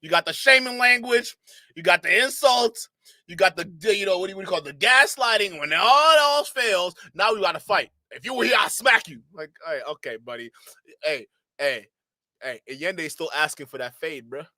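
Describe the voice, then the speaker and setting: A man streaming a casual reaction commentary, talking back to clips with sarcastic, animated asides. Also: high-pitched, a little fast, no echo.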